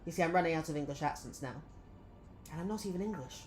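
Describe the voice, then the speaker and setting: A woman's voice: deep voice, quick pace, a little mellow, faint music behind. A woman game streamer chatting playfully with her viewers. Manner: playful, laughing, greets chat. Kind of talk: casual live-stream chat.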